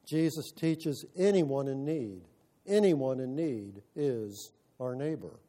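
A man preaching a sermon, telling a story in an earnest, measured way with pauses. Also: mid-range voice, lively intonation, dark tone.

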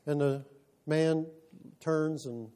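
A man preaching a sermon, telling a story in an earnest, measured way with pauses. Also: a little high, fairly even intonation, dark tone.

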